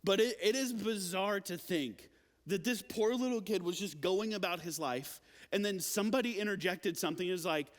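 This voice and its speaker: A young man with a high, light voice gives a youth sermon in a big hall whose long reverb trails after every phrase. He talks casually and animatedly, full of filler words, like a storyteller chatting with teenagers. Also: normal speed. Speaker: youth pastor.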